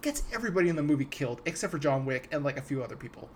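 A man's voice: fairly high pitch, racing, a little hiss or hum. A young man hosting a podcast, ranting casually about a film, swearing freely and tripping over his words. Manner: animated, ranting, swears freely, stumbling restarts. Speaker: podcast host. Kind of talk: casual ranting movie talk.

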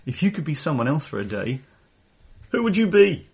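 A man hosting a guest podcast segment, talking in a deadpan, mock-stern way. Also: on the high side, normal speed, gravelly, breathy edge. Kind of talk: casual chat.

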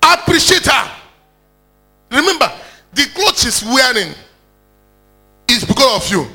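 A man's voice: extremely high pitch, big pitch swings, measured pace, gravelly, sharp tone. A Nigerian man preaching a sermon, exhorting the congregation and calling out for hallelujahs.

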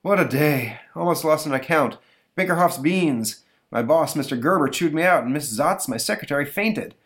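A man's voice: a little high, lively intonation, normal speed, fairly bright tone, pitched above the performer's own voice. A man voicing a stern, worn-out businessman father lecturing his son. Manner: gruff, lecturing.

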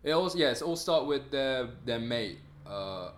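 A man's voice: mid-range voice, animated, measured pace, slight background noise. A young man in casual conversation about films, rambling, hesitant, with frequent fillers and casual swearing. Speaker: film chat participant. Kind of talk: casual chat.

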